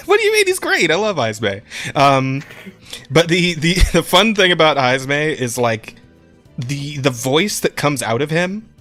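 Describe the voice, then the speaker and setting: Rambling, excitable young man podcasting. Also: a little high, unhurried, faint music behind. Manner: enthusiastic, rambling, swears a lot, laughs often. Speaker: podcast co-host. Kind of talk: casual chat about games.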